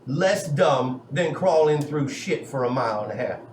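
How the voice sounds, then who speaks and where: A man's voice: medium pitch, expressive, normal speed, darkish tone. A man playing a tabletop game in character, talking in a drawling cowboy manner. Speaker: tabletop player. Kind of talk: in-character role-play. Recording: roomy, distant mic, noisy.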